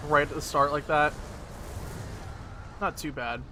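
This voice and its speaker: A man's voice: a little high, steady tone, a little slow, pushed and bright, a little hiss or hum. A man streaming a game, chatting casually, swearing and putting himself down as he plays. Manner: self-deprecating, swears a lot, frustrated outbursts. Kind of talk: casual gameplay commentary.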